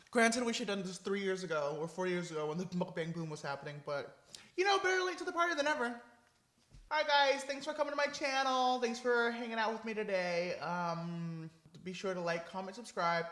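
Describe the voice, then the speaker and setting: A young man chatting casually in a vlog, gushing and expressive, swinging between excited and low-key. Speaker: vlogger. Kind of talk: casual mukbang vlog chat.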